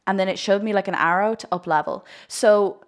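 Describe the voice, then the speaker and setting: A woman's voice: mid-range voice, brisk. A woman hosting a spiritual livestream, talking straight to viewers in a giddy, laughing, rambling way. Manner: talks to viewers directly. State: one eye watering. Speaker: spiritual coach hosting a live video. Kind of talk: casual spiritual vlog on a livestream.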